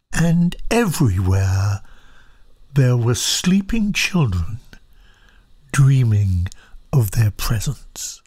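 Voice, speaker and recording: A storyteller reading a children's picture book aloud, soft and often half-whispered. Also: mid-range voice.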